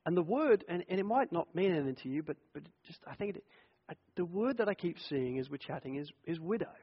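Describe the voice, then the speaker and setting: A middle-aged man, a pastor, preaching a sermon in a conversational, animated way and telling personal stories. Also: high voice, husky. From United Kingdom. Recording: echoey hall, dull lo-fi sound.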